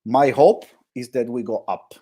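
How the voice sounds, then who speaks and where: A man with an Italian accent, a guest telling animated stories in a conversational interview, often restarting his sentences. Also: medium pitch, a little slow, breathy edge. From Italy. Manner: animated storytelling with frequent restarts. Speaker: guest storyteller.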